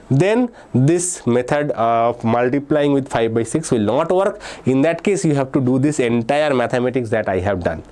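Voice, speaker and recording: A man's voice: on the high side, warm tone. A man teaching physics for an entrance exam. He works through problems step by step and keeps checking in with "okay" and "right?". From India. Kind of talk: exam-prep lecture.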